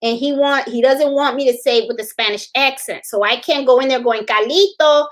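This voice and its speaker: A middle-aged woman chats casually on a live sewing stream, and her voice sits a little high. She rambles from story to story, laughs easily and stops to answer viewer comments. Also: fairly even intonation, brisk, a bit bright. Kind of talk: casual livestream chat.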